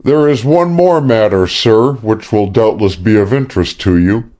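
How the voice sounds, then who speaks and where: A man's voice: fairly low pitch, animated, unhurried, dark tone, pitched above the performer's own voice. A man voicing a formal, apologetic company manager in an audiobook.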